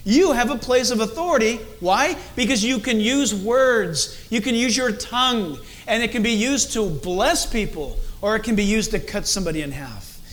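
A middle-aged man preaching a sermon as a pastor, animated and acting out different tones of voice as he speaks. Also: sits high, normal speed, hardly any pauses.

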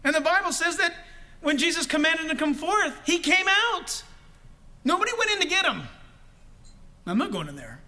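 A male pastor preaching a sermon with animated delivery, shouting the quotes he acts out and laughing often. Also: extremely high pitch, normal speed.

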